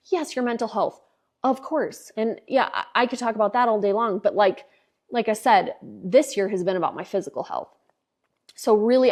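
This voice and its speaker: A woman's voice: medium pitch, a little mellow. A woman, probably in her thirties, hosting a podcast and telling a personal story in a casual, chatty monologue, exasperated and swearing freely as she acts out the dialogue. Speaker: podcast host.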